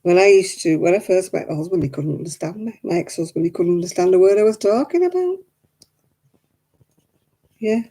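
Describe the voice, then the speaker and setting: A woman from Oldham with a softened northern English accent, chatting casually on her crafting video and laughing often. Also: lowish voice, lively intonation, brisk, long pauses. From Oldham, England. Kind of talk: casual chat.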